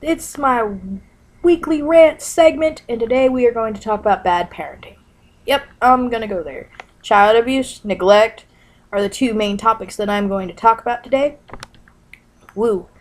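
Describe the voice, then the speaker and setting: A woman ranting straight to her camera at home, blunt and fired up. She swears freely and hammers her points with repetition, in a middle-pitched everyday voice. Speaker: vlogger. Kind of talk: angry vlog rant.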